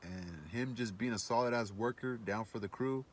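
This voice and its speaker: A man's voice: fairly low pitch, moderate pace, a little hiss or hum. A man telling a long personal story in casual speech, rambling and profane, with many fillers and restarts.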